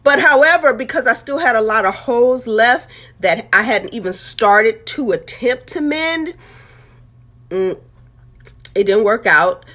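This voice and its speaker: A woman's voice: fairly high pitch, animated, measured pace, fairly bright tone. A woman and author telling her life story in a candid, heartfelt, conversational way. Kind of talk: candid personal testimony.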